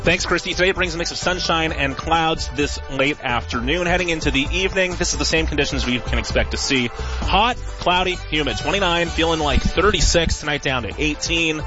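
Male traffic reporter, brisk, music bed under, slightly dull broadcast sound. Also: a little high. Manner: brisk, informative. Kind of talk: radio traffic and weather report.

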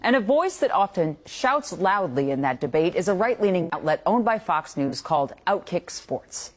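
Female TV news anchor, low and lively, editorial tone. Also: moderate pace, slightly rough. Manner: pointed, disapproving editorial delivery. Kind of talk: scripted news commentary.

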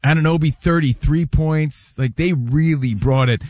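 A man co-hosting a sports radio show, lively and quick to argue a point. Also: fairly high pitch, no room sound, studio quality. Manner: lively, argumentative. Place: radio studio.

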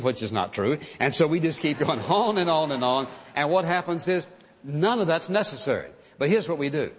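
A man delivers a sermon in an earnest, emphatic manner, now and then acting out pleading prayers. His voice sits a little high. The sound is dull and carries a long hall reverb. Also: lively intonation, normal speed. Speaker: preacher.

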